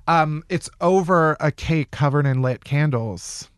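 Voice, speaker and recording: A man's voice: a little high, measured pace, clear, resonant tone, dry recording, clean studio sound. A man hosting a comedy podcast, telling a rambling comic monologue full of swearing and laughter. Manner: animated, swearing, laughing at own jokes. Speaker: podcast host.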